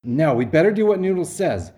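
A woman's voice: low-pitched, big pitch swings, fairly quick, warm tone. A woman playing a panicky middle-aged male restaurant owner in a play read-through, flustered and frantic.

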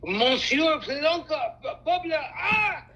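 A woman's voice: sits high, big pitch swings, slow pace, fairly bright tone, heavily acted. A woman doing a dramatic French chef. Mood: anguished. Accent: put-on French. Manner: theatrical, self-pitying. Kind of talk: play read-through. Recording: dull lo-fi with faint noise.

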